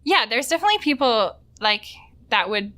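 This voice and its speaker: A young woman chatting on a podcast with a bright, ringing voice that sits a little high. She spins quick anecdotes and slips into the voices of the people in her stories. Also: big pitch swings. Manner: chatty storyteller, acts out quotes. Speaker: guest. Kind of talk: casual chat.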